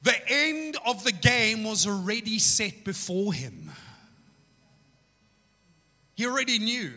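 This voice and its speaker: Animated high-voiced man preaching in a hall. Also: slow pace. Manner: casual, joking, animated storytelling. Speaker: pastor. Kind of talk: sermon. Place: church. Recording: echoey church hall.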